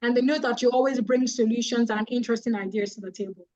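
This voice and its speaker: A woman's voice: on the high side, fairly even intonation, quick pace, darkish tone, muffled recording. A woman giving a public speaking talk on an online call, speaking earnestly and repeating key phrases for emphasis. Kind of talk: guest talk on a webinar.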